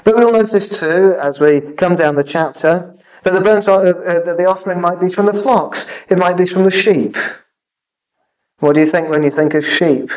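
A man preaching a sermon in an earnest way, often halting with repeated fillers. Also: high voice, steady tone, distant mic, poor audio.

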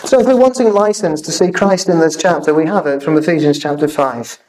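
Earnest male preacher, high-pitched, halting delivery, miked from a distance. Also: darkish tone. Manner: earnest, halting with repeated fillers. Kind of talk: sermon.

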